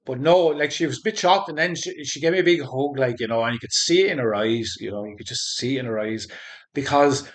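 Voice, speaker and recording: A man recounts a personal faith story as an interview guest. He talks in an earnest, halting way, often restarting his sentences. His voice sits at an ordinary middle pitch. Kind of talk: conversational faith testimony.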